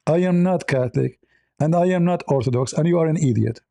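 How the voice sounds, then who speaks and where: A blunt, sarcastic man answers his chat on a livestream. His voice is gravelly and dark, and it sounds close and dry with no room around it. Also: fairly high pitch, brisk, no room sound.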